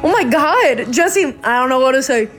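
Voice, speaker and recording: Blunt, excitable woman podcast host. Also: sits high, moderate pace, soft background music. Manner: blunt, swears freely, excitable. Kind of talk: casual reaction commentary while watching TV.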